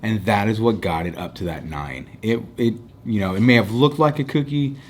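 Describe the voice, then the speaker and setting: A man with a fairly low voice talking through cookie ratings in an easygoing way. He slows down to announce each score and chats loosely in between. There is a faint background hum. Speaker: co-host rating food. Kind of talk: casual food review chat.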